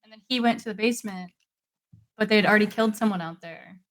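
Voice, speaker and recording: A young woman co-hosting a podcast in casual chat, teasing and fidgety in quick back-and-forth. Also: mid-range voice. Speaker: podcast co-host.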